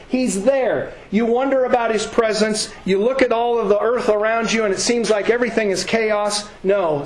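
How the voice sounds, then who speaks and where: A man's voice: high voice, a little hiss or hum. A man preaching a sermon with emphasis, repeating words and acting out the people he quotes. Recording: echoey room with faint ambience.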